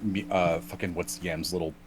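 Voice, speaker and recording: A man's voice: low voice, normal speed, a little hiss or hum. A man chatting casually with friends on a live stream, joking and laughing often, with an Irish accent. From Ireland. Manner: animated, laughs often, jokey quoted voices.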